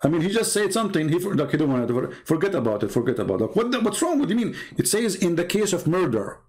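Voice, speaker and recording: A man's voice: fairly high pitch, very animated, racing, darkish tone. A man talking on a live stream as an online religious debater, combative and mocking, repeating himself and laughing at his own jokes.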